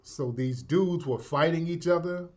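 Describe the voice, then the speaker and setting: Animated man ranting in slangy street talk. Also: a little high, unhurried. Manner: animated, slangy, emphatic with sudden loud outbursts. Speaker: political commentary streamer. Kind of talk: casual political commentary.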